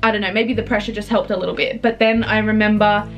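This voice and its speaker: A young woman, telling a personal story in an earnest, halting way, with restarts. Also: mid-range voice, little pitch movement, soft background music.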